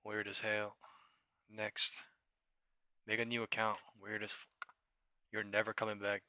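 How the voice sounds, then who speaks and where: A man's voice: on the low side, completely flat delivery, a little slow, bright, forceful tone, dry recording. A young man hosting a live trading stream, swearing freely and mocking viewers in chat. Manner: profane, mocking, reacts to chat. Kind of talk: casual livestream commentary.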